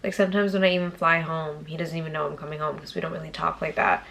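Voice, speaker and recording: Chatty, profane woman with gravelly, low voice. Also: steady tone, fast talker, a bit bright, a little hiss or hum. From Massachusetts, US. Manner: chatty and profane, with whispered asides. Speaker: YouTuber. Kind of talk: casual storytime vlog.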